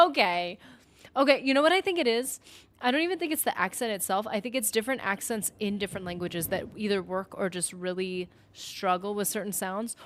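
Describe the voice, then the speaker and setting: A woman's voice: medium pitch, fairly bright tone. A woman from the northern United States chatting casually on a game stream, rambling with lots of "like" and breaking off mid-thought while reading out viewer comments. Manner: rambling, chatty, full of "like" and self-interruptions; reads viewer comments aloud. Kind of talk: casual live-stream chat.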